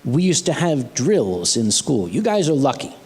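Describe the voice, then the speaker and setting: An older man, telling a comic story live to an audience, animated and expressive, with dry sarcastic asides. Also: mid-range voice, normal speed, husky, big-room sound. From United States. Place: convention hall stage.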